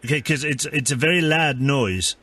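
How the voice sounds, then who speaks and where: A man's voice: mid-range voice, normal speed, bright, forceful tone. A man voicing a fussy neighbourhood watch man with a put-on South African accent on a prank call, stammering and repeating himself. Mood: insistent. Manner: hesitant, stammering. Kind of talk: prank phone call role-play.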